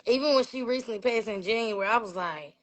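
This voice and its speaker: A high-pitched woman from Fort Worth, sharing personal stories in a casual interview. She talks in a lively, chatty way, says "y'all", and acts out the voices of people she quotes. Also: quick pace. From Fort Worth, Texas. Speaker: interview guest, PR business owner.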